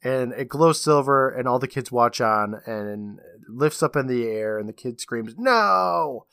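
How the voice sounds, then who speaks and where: A man with a bright, forceful voice, recapping an episode for his podcast co-host. He talks casually and animatedly and laughs a lot. The sound is close and dry, with no room around it. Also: medium pitch, a little slow, clear, resonant tone, dry recording. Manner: animated retelling, laughing often.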